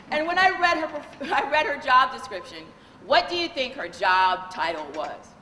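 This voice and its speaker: A woman attorney giving a live training seminar, animated and humorous, quizzing the audience with questions. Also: high-pitched, brisk, few pauses. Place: event hall with a live audience. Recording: echoey hall, faint noise.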